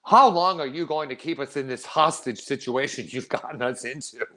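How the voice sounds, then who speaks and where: A man's voice: medium pitch, normal speed, sharp tone, lightly acted. A man voicing his proud, stubborn elderly mother in a spoken story, indignant and proper.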